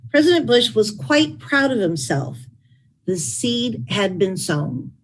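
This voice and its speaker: A woman's voice: a little high, very animated, takes it slowly, rough recording. A middle-aged woman reading wry, dry-humored anecdotes from her own book at a public talk. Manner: wry storytelling with dry asides. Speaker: author and former chief of staff.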